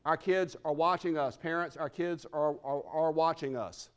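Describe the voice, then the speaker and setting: A middle-aged man giving a motivational speech at a conference, talking quickly and often repeating or restarting his words. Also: a little high, clean tone. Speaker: conference speaker. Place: conference hall.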